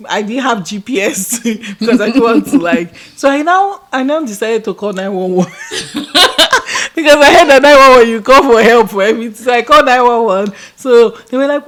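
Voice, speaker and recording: A woman with a Nigerian accent, co-hosting a podcast and telling stories in casual chat, animated and often laughing. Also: fairly high pitch, brisk. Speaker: podcast co-host.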